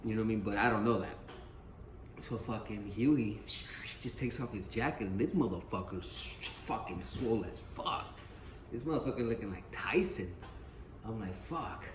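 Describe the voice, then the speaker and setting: Telling a street story at a moderate pace, a man with a fairly low voice rambles casually, swears, and often repeats himself. Background noise, faint ambience and roomy echo fill the recording.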